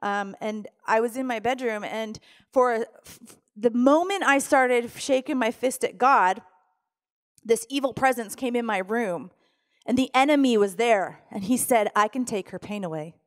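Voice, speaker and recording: A woman's voice: fairly high pitch, a little slow. Woman pastor preaching, emotional storytelling. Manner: emotional storytelling, acts out her own pleading prayers. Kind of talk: sermon.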